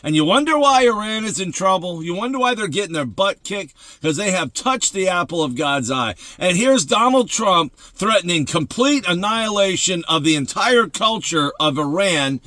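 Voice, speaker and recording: A man hosting a devotional show, preaching in an excitable, emphatic way, repeating phrases and often breaking into laughter. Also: high voice, normal speed, no echo.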